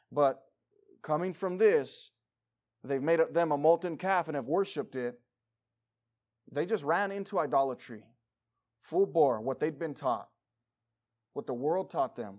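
A pastor preaches a sermon in a slightly high voice, emphatic throughout and swinging between loud urging and quiet pleading.

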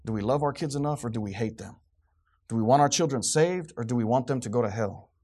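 A man's voice: mid-range voice, quick pace, darkish tone. A middle-aged man preaching a sermon to a congregation, fervent and preachy, sometimes losing his train of thought.

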